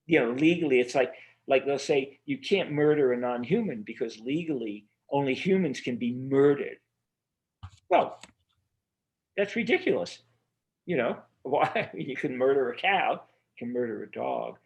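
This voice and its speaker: An earnest man speaking as the guest of a remote interview, his voice sitting at a middling pitch. He rambles, circles back and restarts his thoughts with plenty of fillers. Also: normal speed. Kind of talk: casual interview conversation.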